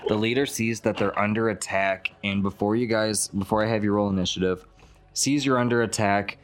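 A man narrating as game master of a tabletop role-playing game, relaxed and descriptive. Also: lowish voice, a little fast.

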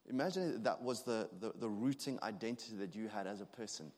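A man in his thirties preaching a sermon, earnest and halting, with frequent restarts and fillers. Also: medium pitch, darkish tone. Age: 30s. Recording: long hall reverb.

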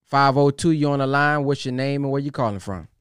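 Calm man hosting a call-in show. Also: mid-range voice, fairly quick, smooth, no echo, studio quality. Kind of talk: call-in radio talk.

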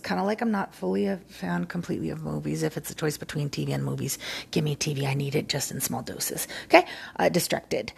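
A woman's voice: on the low side, gravelly, slightly rough. A woman podcast host rambling casually and self-mockingly from a recliner at home. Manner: scattered, self-mocking, giggly.

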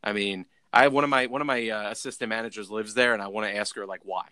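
A man's voice: lowish voice, fairly even intonation, fast, pushed and bright, smooth, no room sound. A young man casually telling a rambling story, full of "like" and restarts. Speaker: podcast co-host.

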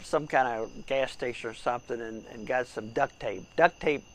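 A man's voice: mid-range voice, moderate pace, a bit bright, poor audio. A middle-aged man co-hosting a casual outdoor chat show, telling rambling stories full of restarts. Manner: rambling storyteller with frequent restarts. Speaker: podcast co-host. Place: outdoors at night by a fire.

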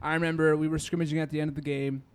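Young guy with a pretty high voice telling a story to his buddies, animated, laughs a lot. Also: rapid-fire, clear, resonant tone. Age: young adult. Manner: animated, storytelling, acts out quotes, laughs often. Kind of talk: casual chat among friends.

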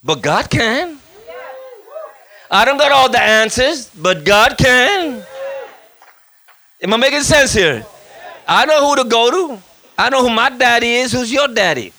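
A man in his fifties, a guest pastor preaching a lively storytelling sermon, acting out voices and shouting lines for effect. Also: very high-pitched, measured pace, pauses often. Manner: animated, acts out voices and shouts for effect, laughs often.

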